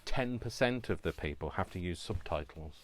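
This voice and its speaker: A man chatting casually as he crafts, rambling along and quick to laugh. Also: low voice, expressive. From Britain. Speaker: crafting vlogger. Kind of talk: casual chat while crafting.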